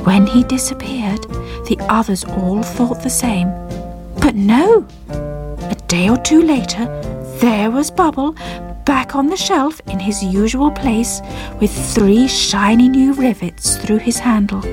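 A woman reads a children's story aloud, taking her time over each line. Her voice sits high and light. Guitar music plays clearly behind her. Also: takes it slowly.

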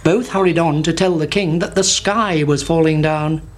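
A storyteller reading a children's story aloud in a steady, clear way. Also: mid-range voice, moderate pace, heavy background noise. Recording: bird chirps behind.

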